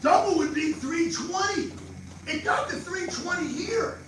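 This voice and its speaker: An older man with a New Jersey accent gives a live money seminar. He talks fast and animated and quizzes people in the audience. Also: very high voice, faint music behind. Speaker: financial speaker. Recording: echoey far-off room mic with noise.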